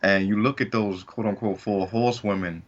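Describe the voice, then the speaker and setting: A man with a low voice co-hosts a podcast in loose, casual chat. He rambles, restarts and leans on "to me" as he works his way to a point. The recording is dull and lo-fi. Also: steady tone, moderate pace. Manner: rambling, restarts often, hedges with "to me". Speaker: podcast co-host.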